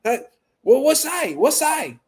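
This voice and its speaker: A man mimicking a curt, shrill takeout counter woman. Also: sing-song, a little slow, a little mellow, full character voice. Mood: impatient. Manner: clipped, impatient, broken phrasing, repeats questions.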